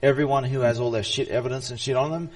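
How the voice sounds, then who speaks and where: A man's voice: mid-range voice, steady tone, fast talker. Rambling man, far from the mic. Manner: reflective, preachy, rambling monologues. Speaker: host of the voice chat. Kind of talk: casual voice chat.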